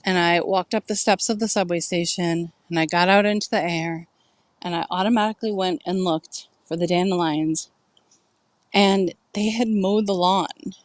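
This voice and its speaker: A middle-aged woman with a mid-range voice tells a personal story to camera, candid and emotional. She swears freely and fills her talk with "like," and the recording is dry.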